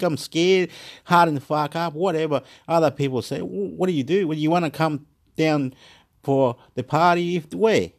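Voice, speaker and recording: A man's voice: medium pitch, a little mellow. Rambling Australian man chatting. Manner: rambling, repetitive, swears freely. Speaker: vlogger. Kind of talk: casual solo chat.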